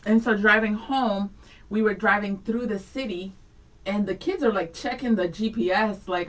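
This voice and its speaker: A woman's voice: mid-range voice, normal speed, distant mic, rough recording. A woman in her thirties co-hosting morning radio, chatty and laughing often, with a light Latina and East Coast accent. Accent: light Latina and East Coast mix. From Afro-Dominican background. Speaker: radio co-host. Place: radio studio.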